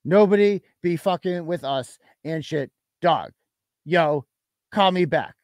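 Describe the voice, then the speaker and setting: A man's voice: a little high, slow pace, darkish tone, dry recording. A man voicing a swaggering, tough-talking street caller with a slangy, exaggerated manner. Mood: mock menacing.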